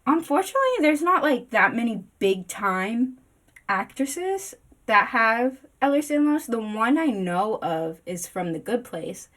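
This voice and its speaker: A woman's voice: fairly high pitch, big pitch swings, measured pace, a bit bright. A woman giving a casual slideshow vlog about a book, giggly, rambling and self-deprecating. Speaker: booktok vlogger.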